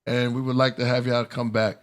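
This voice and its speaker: A man's voice: medium pitch, little pitch movement, fairly quick. A man hosting a podcast in casual chat, laid-back and affirming, often dropping "man" into his sentences. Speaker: podcast host.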